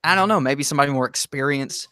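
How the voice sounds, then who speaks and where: A man co-hosting a casual podcast chat, animated and full of hesitant restarts. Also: medium pitch, fast, clear, resonant tone, no room sound, studio quality. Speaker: podcast co-host.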